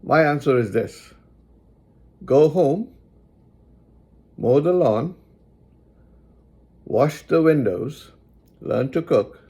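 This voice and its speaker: A man giving moral advice in a reflective spoken monologue, deliberately repeating lines for emphasis. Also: medium pitch, lively intonation, creaky, dark tone, slightly rough.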